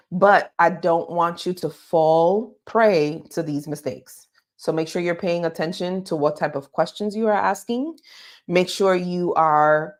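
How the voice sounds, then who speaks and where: Woman career coach with a lower voice, emphatic, direct-address live talk. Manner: emphatic, repeats "okay?" to check in.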